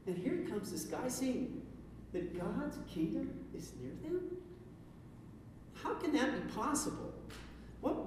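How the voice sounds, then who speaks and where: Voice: medium pitch, a little mellow, a little hiss or hum. A pastor preaching a conversational sermon, asking rhetorical questions and often restarting his sentences. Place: church sanctuary. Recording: echoey hall recording from far off.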